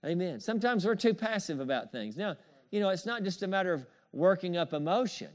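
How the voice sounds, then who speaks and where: Male pastor, high voice, emphatic preaching with repeated amens and soft chuckles. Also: expressive, fairly quick. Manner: emphatic, repetitive call-and-response preaching with chuckles. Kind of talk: sermon.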